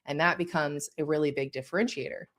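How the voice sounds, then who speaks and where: A woman with a notably low voice leads a course in an easy, conversational way. She speaks directly and often stops to check that her listeners are following. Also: steady tone, fast, fairly bright tone. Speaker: course instructor. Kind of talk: conversational teaching.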